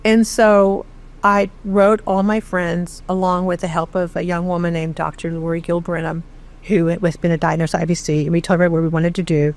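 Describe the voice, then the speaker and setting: Candid storytelling woman, slightly low voice. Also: normal speed. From Texas. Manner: animated, candid, self-deprecating storyteller. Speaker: charity founder, interview guest. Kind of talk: conversational storytelling.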